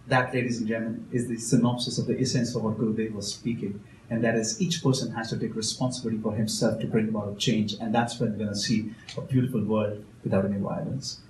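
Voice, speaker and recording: A man, a motivational speaker telling a story to an audience with slow, emphatic phrasing. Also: mid-range voice. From India. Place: event hall at a consulate. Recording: roomy hall with faint background noise.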